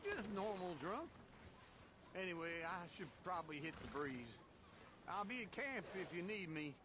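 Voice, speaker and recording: A drawling frontier drinking buddy. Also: male voice, high voice, big pitch swings, normal speed. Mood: easygoing. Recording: game audio under loud noise.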